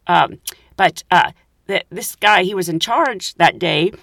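A woman's voice: lowish voice, measured pace, creaky, no echo. A woman who works as a flight attendant, telling funny work stories in a casual, laughing way and acting out quotes. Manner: animated, laughing, acts out quotes. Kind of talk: casual storytelling.

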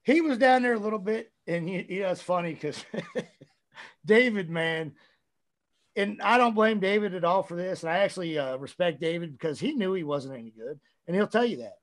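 A man with a high voice rambles through a casual podcast chat. He swears freely, telling stories loosely and with energy. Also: normal speed. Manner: profane, rambling, animated storytelling. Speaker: podcast guest, wrestler.

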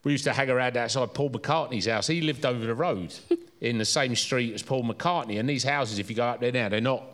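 A man's voice: medium pitch, fairly quick, a bit bright. Chatty, jokey man in film talk. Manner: chatty, jokey, full of tag questions. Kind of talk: casual film discussion.

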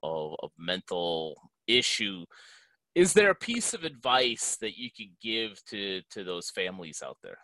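A man's voice: fairly low pitch, big pitch swings, measured pace, bright, forceful tone, dry recording, poor audio. A man hosting a podcast, talking in a loose, conversational way with lots of fillers. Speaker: podcast host. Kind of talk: podcast interview.

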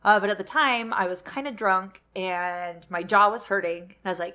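A young woman telling a story in casual chat, animated and swearing freely. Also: medium pitch, moderate pace.

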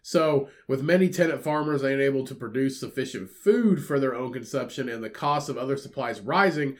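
A man's voice: mid-range voice, brisk. A man co-hosting a podcast in casual chat, arguing in disbelief and reading bits of web articles aloud. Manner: animated, incredulous, reads aloud from web articles. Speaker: podcast co-host.

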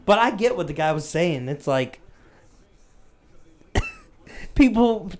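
A man's voice: high voice, big pitch swings, slow. A man co-hosting a podcast who chats in an easygoing way and retells stories with lots of fillers. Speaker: podcast co-host. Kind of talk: casual chat.

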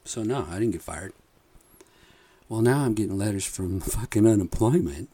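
A man's voice: on the low side, expressive, normal speed, dark tone, husky, no room sound. A man hosting a podcast, telling a rambling, profane story in a casual monologue with frequent chuckles. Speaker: podcast host.

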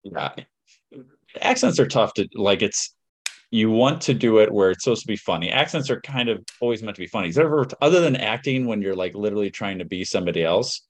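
A man's voice: fairly low pitch, expressive, fast talker. A man hosting a podcast in an easygoing, rambling chat. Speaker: podcast host.

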